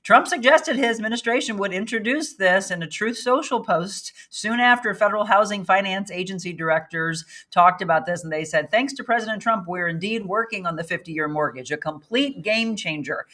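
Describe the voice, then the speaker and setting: A woman's voice: medium pitch, normal speed, hardly any pauses, pushed and bright. A woman hosting a casual live news and chat show, upbeat and chatty, greeting viewers by name. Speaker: host.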